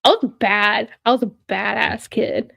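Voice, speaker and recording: A woman's voice: on the high side, steady tone, a little slow, vocal fry, fairly bright tone, no echo, studio quality. A woman chatting casually on a podcast, teasing and cutting in. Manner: teasing, brief interjections. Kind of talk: casual chat.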